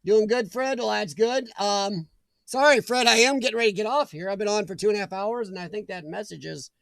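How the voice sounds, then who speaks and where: A man's voice: high-pitched, brisk, gravelly, fairly bright tone, dry recording. A middle-aged man hosting a casual live stream from his home, rambling in a chatty way and answering viewer comments. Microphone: desk mic.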